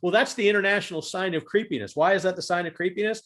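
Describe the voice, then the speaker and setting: A man giving a talk on humor and leadership over a video call, animated and fond of loud acted-out demonstrations. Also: sits high, brisk, few pauses.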